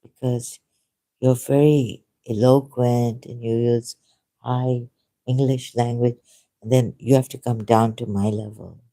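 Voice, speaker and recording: Here a warm, mid-range voice joins a casual debate chat. The speaker rambles, hesitates and frequently puts themselves down.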